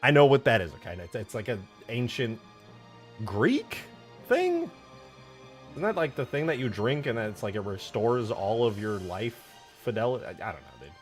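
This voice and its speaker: A young man live-streaming his game modding, chatting casually with viewers and breaking into loud, goofy shouts. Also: mid-range voice, normal speed, faint music behind. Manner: excitable, jumps to loud shouts and goofy banter. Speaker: livestreaming game modder.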